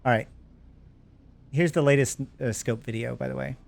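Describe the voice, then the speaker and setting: Gravelly chatty male streamer. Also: mid-range voice, fairly even intonation, moderate pace. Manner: rambling, chatty, talks to chat. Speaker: streamer and host. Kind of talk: casual live-stream chat.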